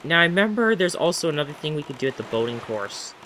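A man's voice: on the high side, very animated, quick pace, background noise. A man giving casual let's-play commentary, chatty and rambling as he talks to himself while playing.

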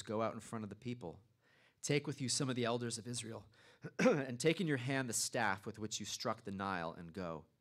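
Low-voiced male pastor preaching a sermon. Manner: reads scripture then explains it conversationally, with asides. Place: church.

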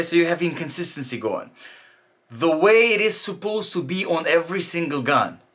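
Guy doing a casual shooting lesson, kinda high bright voice, rambly with lots of uh and um. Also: animated, normal speed. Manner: loose and chatty, with frequent fillers and restarts. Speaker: shooting instructor. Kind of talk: casual instructional talk.

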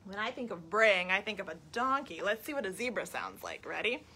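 A woman's voice: medium pitch, very animated, fairly quick, heavy background noise. A woman, a children's librarian, reading a picture book aloud at storytime in a sing-song voice and coaxing young listeners with questions. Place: library, recorded for a live video stream.

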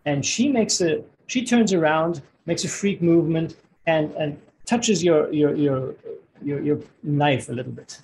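A man's voice: fairly high pitch, darkish tone, slight background noise, rough recording. A man working as a relationship coach, talking earnestly in a podcast interview and often repeating words as he searches for them. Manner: earnest, repeats words while searching, acts out quoted dialogue.

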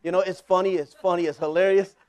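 A man's voice: high-pitched, steady tone, fast, a little mellow. A man in his forties preaching a sermon as pastor, passionate, with call-and-response to the congregation. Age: 40s.

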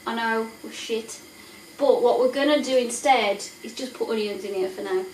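Her voice is on the high side at a normal speed, with a little hiss or hum on the audio. Cooking at home beside boiling pots, this vlogger chats casually and pokes fun at herself, recorded from a distance by a camera across the echoey kitchen.

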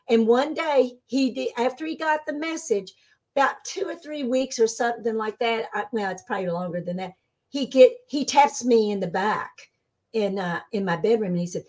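A woman being interviewed as a spiritual medium, telling stories in a casual, animated way and acting out the voices she quotes. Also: normal speed. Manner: animated, acts out quoted voices with sudden pitch jumps. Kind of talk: casual storytelling.

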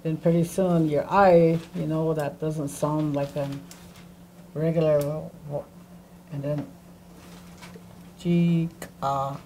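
A woman teaching a language class, explaining slowly and repeating words and phrases for emphasis. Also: sits low, little pitch movement, dark tone, slight background noise, rough recording. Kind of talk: classroom lecture.

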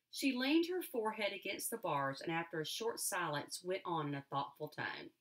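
A woman teacher reading a novel aloud to her class in an expressive storytelling manner. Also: lowish voice, moderate pace, few pauses. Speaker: elementary school teacher.

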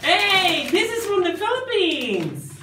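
Teasing mom in an echoey room. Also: female voice, very high voice, very animated, takes it slowly. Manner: teasing, lightly scolding. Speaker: parent filming a child's unboxing. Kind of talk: casual family chat. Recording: echoey room with background noise.

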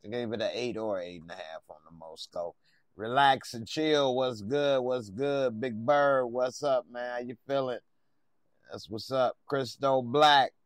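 A man hosting a live stream reacts to a TV episode and chats casually with his viewers. He greets people by name, laughs often and talks in an unhurried, slow way. The sound is dry and close. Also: medium pitch, no echo.

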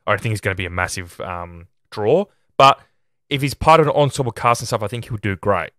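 On this film podcast, the host's voice sits on the low side, with lively intonation, a fast pace, and a sharp tone. The studio-quality recording has no echo. He riffs casually and opinionatedly about a movie, frequently opening with "look."

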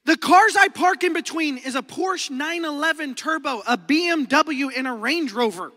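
A man in his thirties with an Oklahoman accent, preaching a sermon as a lively storyteller who acts out quotes and laughs often. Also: very high voice, normal speed. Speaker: pastor. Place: large church hall. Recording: long hall reverb.

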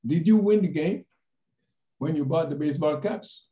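A man voicing a cheerful, teasing middle-aged female store manager with a Spanish accent, in a raised, bright voice inside a retold story. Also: sits low, moderate pace, muffled recording, voice pushed up, natural voice. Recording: roomy echo.

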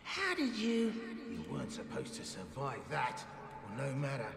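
A low, sneering game villain who speaks slowly and with scorn, as a man puts him on. The voice sits lower than his usual talk and carries a faint hall reverb. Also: huge pitch swings, crowd noise. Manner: slow, scornful, menacing.

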